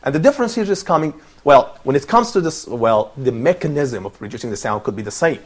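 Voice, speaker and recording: A man's voice: medium pitch, very animated, fast talker, husky. A man presenting a TV lesson, patiently explaining letters step by step and repeating sounds for others to copy. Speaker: TV presenter and Arabic teacher. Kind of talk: teaching pronunciation on a TV panel.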